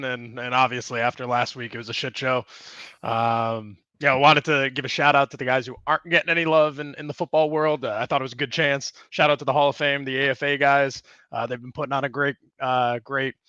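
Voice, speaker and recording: A man's voice: medium pitch, fairly even intonation, brisk, bright, forceful tone, clear, resonant tone, dry recording. Hesitant man on a dull call line. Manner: hesitant, many fillers. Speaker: caller. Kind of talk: casual call-in chat.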